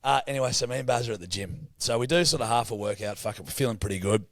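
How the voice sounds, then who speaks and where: A man's voice: mid-range voice, very fast, no room sound, clean studio sound. A man co-hosting a casual podcast, telling a story full of swearing and acting out the people in it. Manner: sweary, animated storyteller who acts out the people in his tales. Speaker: podcast co-host.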